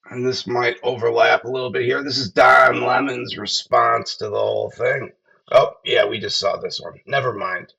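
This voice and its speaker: Gravelly man ranting profanely. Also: mid-range voice, sharp tone, far from the mic, muffled recording. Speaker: podcast host. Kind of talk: casual political commentary.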